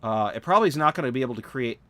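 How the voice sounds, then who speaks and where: A man's voice: mid-range voice, lively intonation, racing, bright, forceful tone, no echo. Sleepy man rambling through gameplay. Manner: rambling, thinking aloud with many fillers and restarts. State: sleepy, yawning repeatedly. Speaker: gaming livestreamer. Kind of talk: casual live gameplay commentary.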